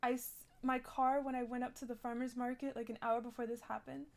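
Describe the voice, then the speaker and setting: A woman's voice: fairly high pitch, flat delivery, a little fast, creaky. A young woman telling a rambling, shaken story in character during a role-play game, full of "like" and restarts.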